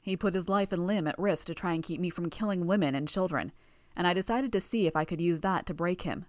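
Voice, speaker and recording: Woman reading as a smooth, mocking male killer. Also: on the low side, fairly quick, darkish tone, no echo, clean studio sound, lightly acted. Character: calm, silver-tongued, menacing male killer.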